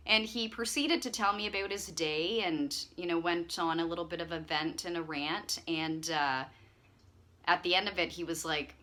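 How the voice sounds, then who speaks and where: Bright-voiced woman chatting casually. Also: fairly low pitch, brisk. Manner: chatty, warm-hearted rambling with frequent fillers. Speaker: channel host. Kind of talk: casual chat to camera.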